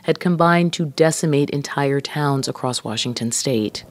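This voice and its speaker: A news podcast host reading scripted narration in a measured, steady way. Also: medium pitch.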